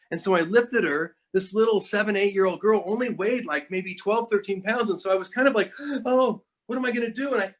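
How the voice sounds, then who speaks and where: Animated storytelling man, high voice. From United States. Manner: animated, lots of restarts and acted-out quotes. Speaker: guest speaker. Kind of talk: storytelling talk. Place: online talk.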